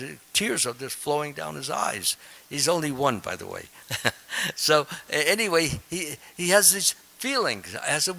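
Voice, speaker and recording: Older male preacher, earnest sermon delivery, slightly high, bright tone, halting with fillers. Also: low-quality recording. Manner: earnest, repeats words, many uh fillers, light chuckles. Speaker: swami giving a Sunday feast lecture.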